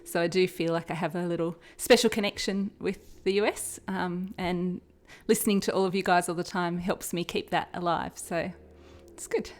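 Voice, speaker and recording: Australian woman, quiz host, lowish voice, friendly, laughs a lot. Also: steady tone, normal speed. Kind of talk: casual podcast chat and question reading.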